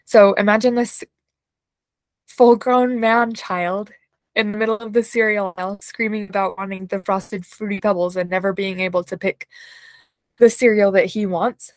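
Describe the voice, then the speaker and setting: A woman leading an unscripted guided imagery session, speaking slowly and soothingly, with soft laughs and sighs. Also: mid-range voice, fairly even intonation, dry recording, low-quality recording. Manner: slow, soothing guidance with soft laughs and yawns.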